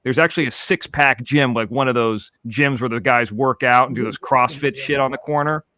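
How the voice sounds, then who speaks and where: A man on a live stream chat, blunt and brisk, swearing freely and giving firm advice. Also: medium pitch, sharp tone. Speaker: guest.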